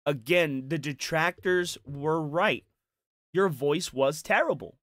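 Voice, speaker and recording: A man's voice: on the high side, slow, a bit bright, no echo, clean studio sound. A man giving crude, sarcastic reaction commentary over a stream clip.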